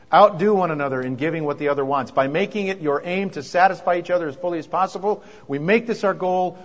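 A man preaching at a marriage conference, moving from quiet asides to fervent, rising preaching. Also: on the high side. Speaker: pastor. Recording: dull sound with long hall reverb.

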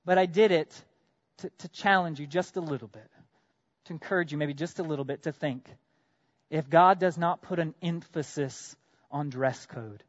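A man preaching a sermon as pastor, earnest, asking his congregation direct questions, swinging from loud emphatic bursts to quiet drops. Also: on the high side, normal speed, dry recording, muffled recording.

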